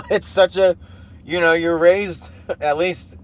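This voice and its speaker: This podcast host, a man in his 30s, speaks slowly in a fairly high, steady voice. His casual monologue is a rambling personal story laced with profanity and punctuated by frequent laughter.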